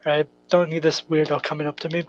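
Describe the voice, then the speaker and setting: A man's voice: a little high, level tone, quick pace, lo-fi sound. A young man from Canada co-hosting a podcast, chatting casually and telling a rambling, swear-filled story. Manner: rambling, swears often, laughs through stories. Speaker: podcast co-host.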